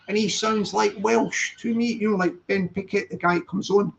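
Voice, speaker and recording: He hosts his channel's casual live-stream chat in a high, steady-toned voice with vocal fry, talking a little fast with few pauses. The recording is dull lo-fi, and he rambles, corrects himself, and breaks off to read the chat aloud.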